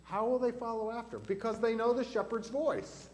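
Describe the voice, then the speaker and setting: A man's voice: very high-pitched, fairly even intonation, moderate pace, a little mellow. A man pastor giving a catechism lesson in a church to children and adults, asking them questions as he goes. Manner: asks the children questions as he teaches.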